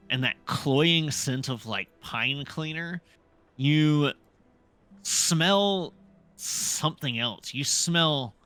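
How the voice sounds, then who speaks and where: A man narrating a tabletop role-playing game as dungeon master, setting scenes in an unhurried, descriptive way. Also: a little high, sharp tone.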